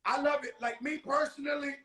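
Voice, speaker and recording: A man's voice: extremely high pitch, fairly even intonation, a little fast, reverberant, heavy background noise. Tipsy, joking man hosting over video call. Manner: loose, joking, profane street talk. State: tipsy from drinking. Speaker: host. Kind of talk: casual interview chat.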